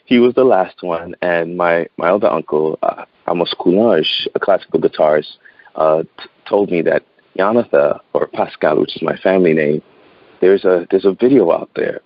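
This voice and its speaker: A very low-pitched man in his thirties recounts a personal story as an interview guest, speaking outdoors. His delivery is earnest and halting, with repeated words and frequent laughs. The sound is dull and dry, like a lo-fi line. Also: dry recording. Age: 30s.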